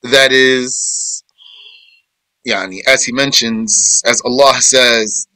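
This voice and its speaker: A man teaching a verse-by-verse Quran commentary, reciting Arabic verses briskly and then explaining them slowly in English, repeating phrases. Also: medium pitch, steady tone, sharp tone, dry recording, rough recording. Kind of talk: verse-by-verse tafsir lesson.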